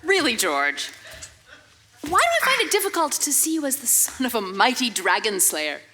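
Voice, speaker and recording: A woman's voice: a little high, sing-song, normal speed, bright, forceful tone, a little hiss or hum. An actress playing a bossy, teasing woman in a stage musical, with a dry, commanding manner. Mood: sardonic. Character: bossy, sardonic woman guiding the hero.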